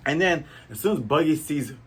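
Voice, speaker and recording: A man recapping a comic chapter in a casual, animated way, full of sound effects. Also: on the high side, a little fast, husky. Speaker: manga reviewer.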